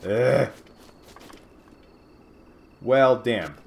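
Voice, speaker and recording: A man hosting a let's-play, giving excitable, casual commentary, swearing at and taunting enemies. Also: mid-range voice, extremely slow, vocal fry. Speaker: gaming channel host.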